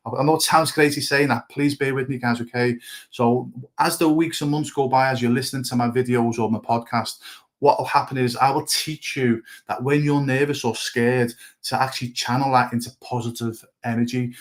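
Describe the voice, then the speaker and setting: A man gives a motivational coaching talk to young goalkeepers. His pitch sits in the middle and barely moves, staying level throughout, and he keeps returning to "guys, okay" as he talks. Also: fairly even intonation, fairly quick.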